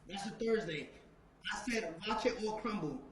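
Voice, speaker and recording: A man as an interview guest, telling a personal story emphatically, then sinking into low, confiding murmurs. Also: animated, moderate pace. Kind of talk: candid storytelling in a sit-down interview. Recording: echoey room with audible background noise.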